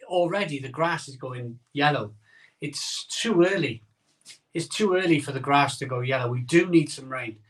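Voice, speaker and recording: This live-stream host has a medium-pitched, fairly bright voice. He chats casually and cheerfully while going through viewer comments, repeating phrases often and using many ums.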